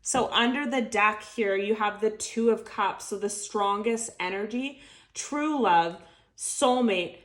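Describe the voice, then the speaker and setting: A woman's voice: mid-range voice, slow, a bit bright. A woman doing an intuitive tarot reading, speaking earnestly and heartfeltly straight to the viewer, with lots of filler words. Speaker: tarot reader.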